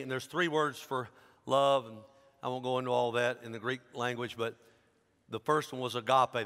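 Preacher in a ringing church hall. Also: male voice, mid-range voice. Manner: animated, dramatic storytelling. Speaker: pastor. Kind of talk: sermon. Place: large church sanctuary. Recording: long church hall reverb.

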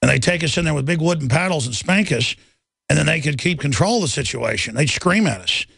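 A middle-aged man hosts a talk radio show in an indignant, rambling monologue, stumbling over repeated words as he pushes on. His voice sits a little high with a gravelly edge. The studio microphone sounds close and dry. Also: lively intonation, brisk, a bit bright, no room sound.

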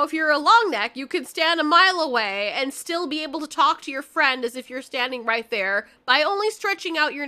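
A woman talks through a cartoon film recap in a sarcastic, joking way. Her voice is very high and bright. She keeps it casual, like chatting to viewers. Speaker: video reviewer.

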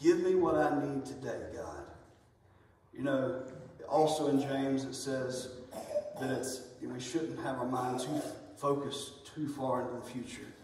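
A man preaching a sermon with passion, building to near-shouts on the points he stresses. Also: medium pitch, animated, unhurried, a little hiss or hum. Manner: impassioned, rising to near-shouts on emphatic lines. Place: church sanctuary. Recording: echoey church hall, voice from far off.

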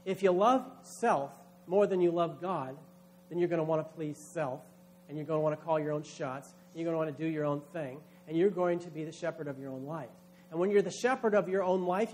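A man's voice: on the high side, brisk, a little mellow, a little hiss or hum. A man, a pastor, preaching a sermon with emphatic delivery, acting out quoted voices.

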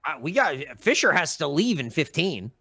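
A man's voice: a little high, very animated, normal speed, creaky, pushed and bright, no echo, studio quality. A man co-hosting a podcast, playful and wisecracking in casual chat. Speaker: podcast co-host.

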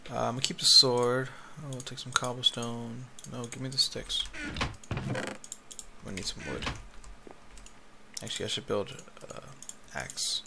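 A man with a gravelly, fry-laden voice talks himself through a Minecraft session, rambling and yawning between tasks. His headset mic picks up clear background noise and the clatter of keyboard typing. It sounds like a home gaming setup. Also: mid-range voice. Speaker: gaming YouTuber. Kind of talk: casual Minecraft commentary. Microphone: headphones with a mic. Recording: noisy home recording with keyboard clicks. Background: keyboard typing and clicks.

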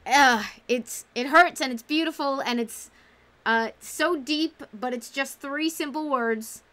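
Bright, high-voiced woman hosting a book stream. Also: takes it slowly. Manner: enthusiastic, reads chat comments aloud. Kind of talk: casual livestream chat.

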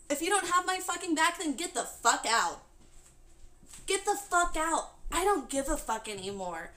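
A woman's voice: high voice, bright, forceful tone. A woman live streamer in a heated, profane rant aimed at her chat, cutting and blunt.

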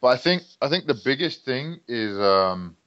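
Guest: young British man, animated storyteller, lo-fi muffled audio. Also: mid-range voice, normal speed. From Britain. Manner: lively storyteller who acts out quoted lines. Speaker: guest fighter. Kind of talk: casual podcast interview. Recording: dull lo-fi sound.

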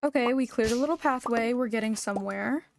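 A woman's voice: a little high, a little fast, vocal fry, no echo. Exasperated young woman gaming streamer. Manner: exasperated, jokey, talks back to the game. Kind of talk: casual let's-play commentary.

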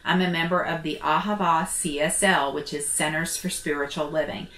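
A middle-aged woman vlogging casually about her life on the road, telling a personal story with candid, animated reactions. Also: low-pitched, normal speed, reverberant. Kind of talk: casual personal vlog talk.

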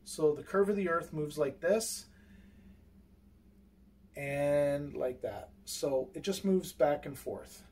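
His voice is fairly high and a little mellow, slow and often pausing, as a man shows off his telescope gear without a script. He rambles and hesitates, with many fillers and restarts while he handles things, recorded from a distance with faint noise behind him.

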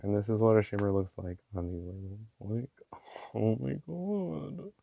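A man chatting casually while swatching inks, gushing and excitable, with slangy talk and lots of fillers. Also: lowish voice, measured pace, gravelly. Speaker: ink swatching vlogger.

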